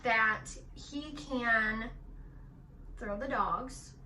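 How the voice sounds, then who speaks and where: Bright chatty young mom, echoey room. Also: female voice, fairly high pitch, extremely slow, recorded from a distance, a little hiss or hum. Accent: Michigan. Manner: chatty, animated, swears casually. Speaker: mom vlogger. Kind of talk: casual storytelling while getting ready.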